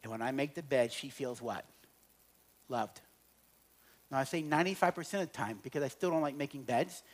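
A middle-aged man speaking to an audience about relationships, telling humorous stories and swinging between loud and quiet. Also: medium pitch, brisk, long pauses. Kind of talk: humorous storytelling talk to an audience.

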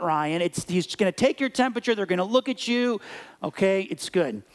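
Guy preaching, fairly high voice, animated, acts out little scenes then goes soft and quiet. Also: brisk. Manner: drops to soft quiet reflection. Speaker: pastor. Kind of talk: sermon.

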